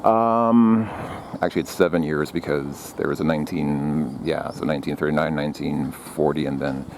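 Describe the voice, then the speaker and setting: A man's voice: rumbling low, steady tone, normal speed, darkish tone, a little hiss or hum. A man walking through a city as a travel vlogger, talking casually and rambling, with many fillers and restarts. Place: outdoors on city streets.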